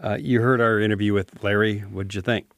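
A man hosting and narrating a true-crime report, telling the story in a measured, matter-of-fact way and putting questions to an interviewee. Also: fairly low pitch, fairly even intonation, vocal fry, fairly bright tone, no room sound, studio quality. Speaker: podcast host and reporter.

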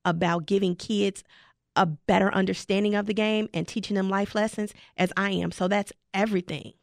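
A woman football coach speaks with fiery conviction, her voice carrying a gravelly rasp. The sound is dry and close. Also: medium pitch, steady tone, moderate pace, no echo. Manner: passionate, emphatic. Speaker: high school football head coach. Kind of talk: casual interview talk.

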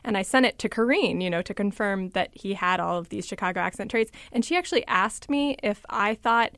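A woman's voice: medium pitch, a little fast, no room sound. A woman from the Washington, D.C. suburbs, talking as a reporter on a radio chat show. She tells her stories with energy and a mid-range voice. The recording is close and dry. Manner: lively, storytelling, quotes others.

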